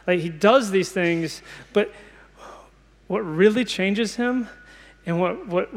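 A man's voice: sits high, in a large hall. A man in his thirties preaching a sermon, earnest and conversational, often restarting his sentences.

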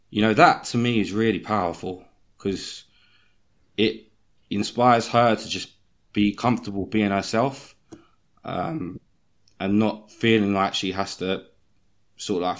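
A man talking as a guest on a casual football podcast, earnest and heartfelt, with a halting delivery. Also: on the low side.

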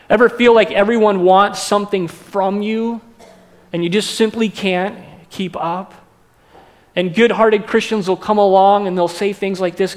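A male pastor preaching a sermon in a conversational way, asking the congregation questions. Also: sits high.

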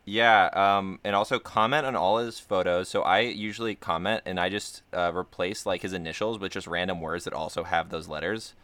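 A young man with a very deep voice co-hosts a casual podcast, cracking goofy jokes with dry humor. The sound is close and dry, with no room around it. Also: moderate pace, few pauses, a bit bright, clear, resonant tone, no room sound. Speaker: podcast co-host.

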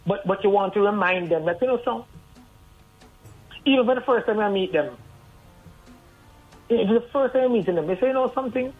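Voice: medium pitch, animated, brisk, long pauses, slightly rough. A radio guest, giving earnest, conversational advice over the phone. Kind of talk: radio call-in talk. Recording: tinny phone line over faint music.

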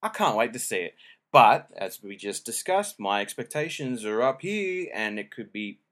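A man's voice: medium pitch, very animated, normal speed, fairly bright tone. Chatty man rambling about movies. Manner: rambling, chatty, self-deprecating, with many fillers and restarts. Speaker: podcast host. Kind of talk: casual solo movie review chat. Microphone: home recording.

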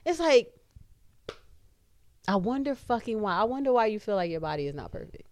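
A woman's voice: fairly high pitch, very animated, normal speed, dry recording. A woman hosting a podcast in casual chat, ranting bluntly and emphatically with heavy swearing. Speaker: podcast host.

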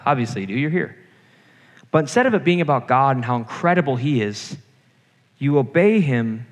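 A young man giving an earnest sermon to a campus group, telling stories from his own life. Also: mid-range voice. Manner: earnest, personal storytelling preacher. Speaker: campus ministry speaker. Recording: reverberant hall.

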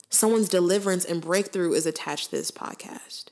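A woman's voice: lowish voice, steady tone, normal speed, few pauses, darkish tone. Woman, 20s, podcast host, earnest conversational monologue with preacherly asides. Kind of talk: faith-based podcast monologue.

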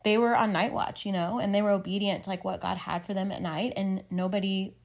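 A woman's voice: mid-range voice, fairly even intonation, brisk, a little mellow. Earnest chatty woman podcaster. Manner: earnest, rambling, many "like" fillers, emotional. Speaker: podcast co-host. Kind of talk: casual faith podcast chat.

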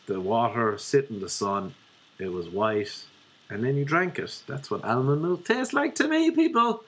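A man's voice: lowish voice, husky. A young man with an Irish accent gives a profane, ranting comedic monologue as a vlogger. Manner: profane, ranting, animated storyteller.

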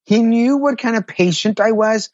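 A man's voice: very high-pitched, normal speed, darkish tone, no echo, lo-fi sound. A middle-aged man, a patient advocate, telling his personal story in an interview, earnest and candid. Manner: earnest, candid, self-deprecating.

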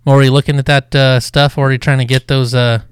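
A man's voice: mid-range voice, little pitch movement, fast talker, clear, resonant tone, no room sound, clean studio sound. A man co-hosting a casual podcast, laid-back, laughing often and swearing freely. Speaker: podcast co-host. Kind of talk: casual chat.

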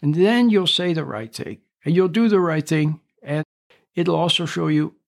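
A man hosting a reflective radio talk, speaking in a calm, repetitive, teaching way. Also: fairly high pitch, normal speed, vocal fry.

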